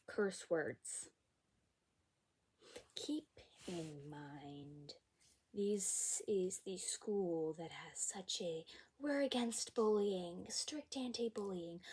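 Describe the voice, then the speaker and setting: Lower, mellow-voiced young woman telling a story. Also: breathy edge. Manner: expressive, emphatic retelling, occasional whispered asides. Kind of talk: personal storytime vlog.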